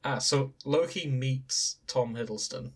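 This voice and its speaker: A podcast co-host reading fanfiction summaries in casual chat, enthusiastic and quick to giggle. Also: mid-range voice, husky.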